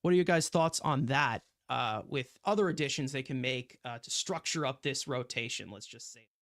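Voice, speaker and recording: A man's voice: medium pitch, moderate pace, fairly bright tone, no room sound. Dry-voiced man musing on baseball. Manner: speculative, thinks aloud with fillers. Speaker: podcast co-host. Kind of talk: casual sports talk.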